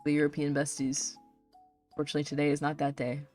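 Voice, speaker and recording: Low-voiced woman streamer, casual chat, light music underneath. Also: completely flat delivery, quick pace, a little mellow. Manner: chatty, giggly. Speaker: game streamer.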